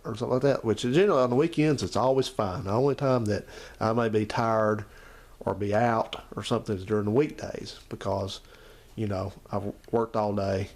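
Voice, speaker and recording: Rambling man, lowish voice. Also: fairly quick, darkish tone. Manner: rambling, repeats himself, talks to his uncle and the viewers. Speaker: channel host. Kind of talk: casual chat to camera.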